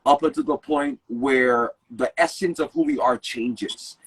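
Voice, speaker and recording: A man's voice: mid-range voice, huge pitch swings, measured pace, vocal fry, a bit bright, slightly rough, poor audio. A man from Hawaii, talking earnestly in a laid-back way and often saying bro in casual conversation. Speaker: podcast guest.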